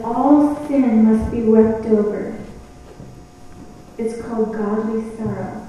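A woman with a high voice preaches slowly and earnestly to a room of women. She talks in a conversational way and often acts out little back-and-forth dialogues. Her voice comes from far off in a large, echoey hall. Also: warm tone, slight background noise. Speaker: women's ministry speaker. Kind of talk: sermon.

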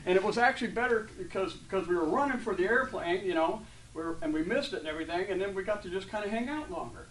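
A man in his fifties sharing a rambling, heartfelt testimony with a group, full of fillers and restarts, turning loud and animated when he retells stories. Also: high-pitched, fast talker, slight background noise. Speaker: church member sharing a testimony. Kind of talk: casual spoken testimony to a group. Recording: distant mic with faint room ambience.

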